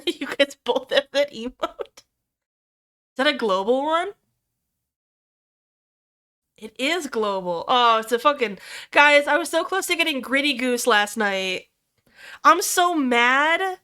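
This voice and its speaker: A young woman streams and chats casually with her viewers, excitable and quick to swear or squeal at anything cute. Her voice sits high and sounds bright. Its tone is smooth and crisp. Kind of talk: casual livestream chat with viewers.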